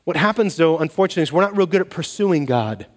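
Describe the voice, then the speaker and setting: Preaching a sermon, a pastor tells stories with animation and acts out bits of dialogue. His voice runs on the high side at a quick pace, with the long reverb of a large hall.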